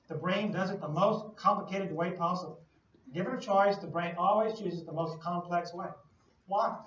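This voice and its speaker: Speaking at normal speed in a high-pitched, somewhat bright voice, a man gives a lecture in a lecture hall. He leans on playful everyday analogies and questions for the class, and the recording is distant, echoey and lo-fi.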